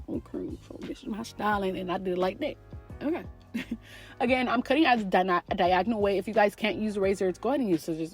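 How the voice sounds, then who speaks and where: A woman beauty vlogger voices over a casual wig install tutorial, speaking chatty and sassy straight to her viewers. Her voice is mid-range and a little mellow.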